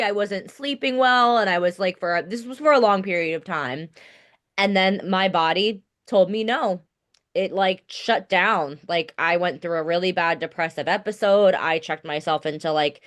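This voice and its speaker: A woman's voice: medium pitch, a bit bright. A woman hosting a podcast, talking casually and reflectively, with many filler likes. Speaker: podcast host.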